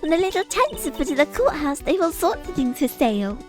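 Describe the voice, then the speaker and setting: A woman doing a bubbly high-voiced young sidekick. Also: big pitch swings, fairly quick, over music. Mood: excited.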